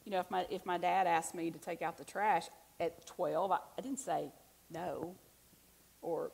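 A woman's voice: fairly low pitch, measured pace, creaky, slightly rough, rough recording. A woman giving a conversational sermon, telling stories and asking the congregation rhetorical questions. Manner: chatty, animated storytelling with rhetorical questions to the congregation. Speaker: preacher.

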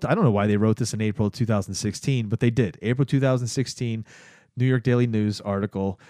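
A man's voice: mid-range voice, a little mellow, no echo, studio quality. A man hosting a casual history-of-the-day podcast, rambling with many fillers and restarts. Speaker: podcast host.

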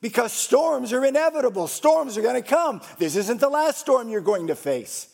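A male pastor preaching a sermon with dramatic swings between loud passages and hushed ones. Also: extremely high pitch, animated, moderate pace, gravelly.

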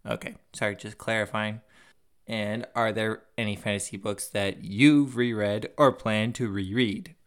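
A man's voice: fairly low pitch, fairly even intonation, a little slow, clean tone. A man co-hosting a casual podcast, with a dry, sardonic, teasing way of talking. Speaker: podcast co-host. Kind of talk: casual chat.

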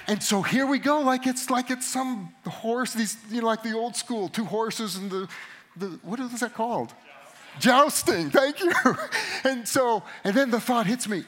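A middle-aged man giving a sermon to a live audience, telling a story about himself with animated, self-mocking humor. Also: sits high, normal speed. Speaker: pastor or conference speaker.

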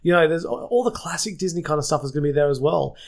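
A man's voice: fairly high pitch, fast, vocal fry. A man co-hosting a podcast, explaining things at length in casual chat with hesitant fillers. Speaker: podcast co-host.

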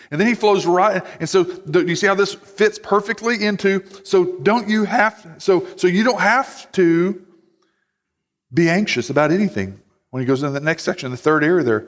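A man preaching a sermon in a casual, conversational way, full of "like" and "you know.". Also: high voice. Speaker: pastor. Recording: long hall reverb.

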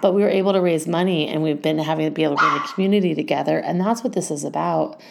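A woman's voice: low-pitched, rapid-fire, creaky, noisy background. A middle-aged woman who founded a school, talking in a rambling, heartfelt podcast monologue and getting emotional. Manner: rambling, heartfelt, many fillers.

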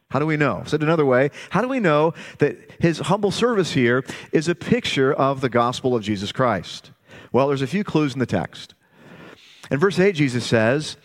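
A man preaching a sermon, building points with repetition and dramatic pauses, retelling scripture in his own words. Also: mid-range voice. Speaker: pastor. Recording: long hall reverb.

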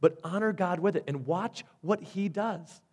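A man's voice: high-pitched, measured pace, darkish tone, husky. A male pastor preaching a sermon, stressing and repeating his key points. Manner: emphatic, repeats key phrases.

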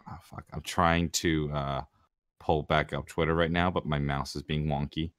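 A man co-hosting a podcast, chatting in a relaxed, easygoing way. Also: rumbling low, normal speed, no echo, clean studio sound. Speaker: podcast co-host. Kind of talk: casual chat.

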